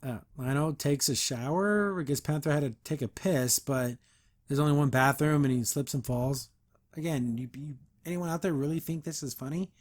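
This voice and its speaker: A man's voice: on the high side, normal speed. A male podcast host giving a casual recap of a cartoon episode, breaking in with mocking, disbelieving asides. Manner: mocking, incredulous asides with chuckles.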